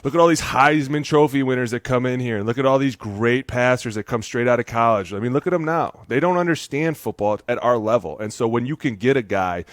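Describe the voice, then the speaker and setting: A man in his thirties, a former pro lineman, chatting on a podcast with quick, animated storytelling that slips into acted-out quotes. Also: mid-range voice, no room sound, clean studio sound. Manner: fast, animated storytelling, acts out coaches and players. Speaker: former NFL offensive lineman, podcast guest. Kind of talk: casual podcast chat.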